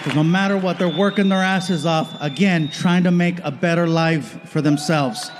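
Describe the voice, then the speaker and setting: Animated man telling stories on stage. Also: a little high, normal speed, a crowd in the background, background noise. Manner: animated storytelling, acting out dialogue. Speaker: stand-up comedian. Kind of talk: stand-up comedy. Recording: reverberant hall with faint ambience. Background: audience laughter.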